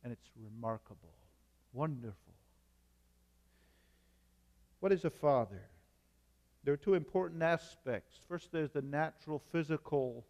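A man preaching a sermon as a pastor, measured, with emphatic repetition. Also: fairly high pitch, darkish tone, in a large hall.

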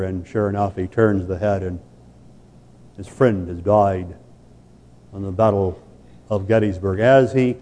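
A man preaching in a church with a long hall reverb trailing his words. His voice is low and mellow, and he speaks very slowly. He tells a story with drama and builds to sudden loud peaks. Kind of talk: sermon with an illustrative story.

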